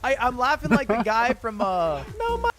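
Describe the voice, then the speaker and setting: Male streamer, high lively voice, loud laughing reactions, noisy feed. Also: normal speed. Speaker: streamer watching videos. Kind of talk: casual reaction chat.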